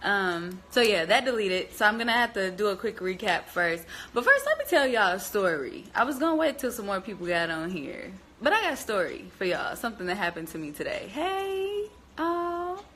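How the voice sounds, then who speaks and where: A young woman hosting a phone live stream, telling a story in an animated, chatty way and laughing often. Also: medium pitch, brisk, few pauses.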